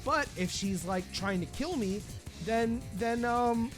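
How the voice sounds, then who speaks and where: A man hosting a video essay, giving crude comedic commentary in a blunt, jokey way. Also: slow pace. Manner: blunt, crude, jokey, with lively swings of pitch. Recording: voice-over with loud music behind.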